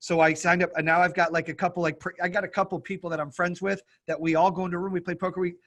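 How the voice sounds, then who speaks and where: Animated man telling stories, a bit high. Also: racing. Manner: animated storyteller, acts out quotes. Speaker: podcast host. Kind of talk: casual chat.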